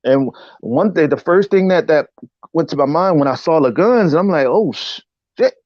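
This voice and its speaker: A man telling a personal story as an interview guest in casual speech, animated and often saying "you know what I'm saying". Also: a little high, moderate pace, no room sound, dull audio. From United States. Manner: acts out voices in quotes.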